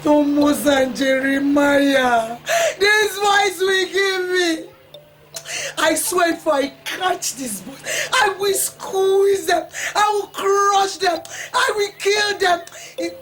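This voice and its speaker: A woman's voice: sits high, lively intonation, fairly quick, soft background music. An actress with a Nigerian accent playing a hot-tempered mother who scolds in Pidgin and English. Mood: furious. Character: hot-tempered market mother, loud and threatening. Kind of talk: Nollywood film acting.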